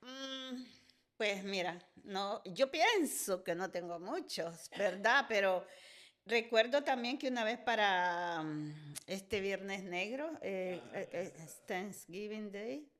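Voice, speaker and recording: An older woman shares stories on a casual podcast. She talks with lively, confessional energy, and her voice sits at a middle pitch. She goes back and forth between hushed asides and bursts of emphasis. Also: measured pace. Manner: animated, confessional anecdote telling. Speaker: podcast guest, host's mother. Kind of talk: casual storytelling chat.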